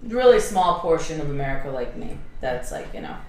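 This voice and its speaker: A woman's voice: sits low, sing-song, a little fast, a little mellow, echoey room, slight background noise, rough recording. A woman co-hosting a casual chat show, bubbly and rambling, laughing often. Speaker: podcast co-host.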